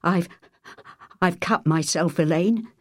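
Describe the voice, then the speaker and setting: A man's voice: high-pitched, takes it slowly, dry recording, studio quality. A woman reading an audiobook, voicing a nervous, downtrodden older man who speaks small and hesitant. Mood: anxious. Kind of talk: audiobook character voice.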